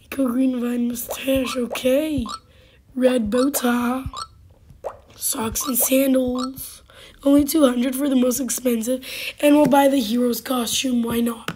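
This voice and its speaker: A woman with a hoarse voice hosting casual gameplay commentary, halting and full of fillers, now and then dropping to a whisper. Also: sits high, flat delivery, dark tone, slight background noise. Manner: halting, with many fillers and sudden drops to a whisper. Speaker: gaming channel host.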